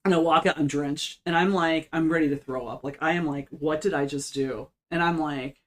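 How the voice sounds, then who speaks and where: A middle-aged woman co-hosting a podcast, telling a story about herself in a lively, self-mocking way and acting out what she said back then. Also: sits low, normal speed. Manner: animated, self-mocking, acts out her own past lines. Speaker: podcast co-host. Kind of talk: casual storytelling chat.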